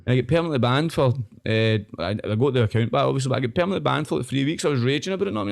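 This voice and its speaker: A man's voice: medium pitch, expressive, very fast, gravelly. A young Scottish man, a podcast guest, rambling in casual chat and often tagging his sentences with "know what I mean".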